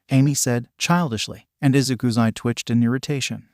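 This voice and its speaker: A synthetic male narrator reads a story in a flat, mechanical way, sometimes spelling out punctuation. His pitch sits in the middle of the range, and the sound is dry and close. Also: moderate pace, gravelly, few pauses, dry recording. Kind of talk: text-to-speech reading of fan fiction.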